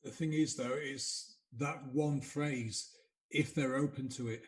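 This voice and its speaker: A man's voice: medium pitch, steady tone, slow pace. A man hosting a podcast interview, speaking in a reflective, consoling way. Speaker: podcast host.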